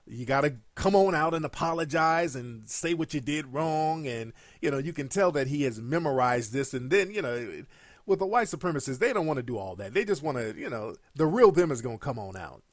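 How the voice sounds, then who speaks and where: Guy ranting over clips, lively up and down voice, dead dry room. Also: on the high side, brisk, no echo. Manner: blunt, mocking, animated. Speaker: commentator. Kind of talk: commentary over played clips.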